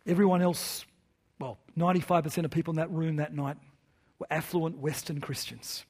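High-voiced man preaching a sermon. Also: fairly even intonation, normal speed, darkish tone. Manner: earnest, with rhetorical questions and repeated phrases. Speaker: pastor.

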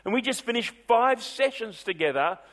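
A middle-aged male pastor telling a story in a sermon, animated and shifting between brisk and drawn-out delivery. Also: extremely high pitch.

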